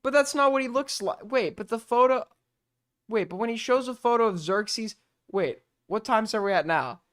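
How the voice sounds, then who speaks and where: A man's voice: high-pitched, lively intonation, normal speed, fairly bright tone. A man streaming and reacting to a video with rambling, profane and mocking commentary.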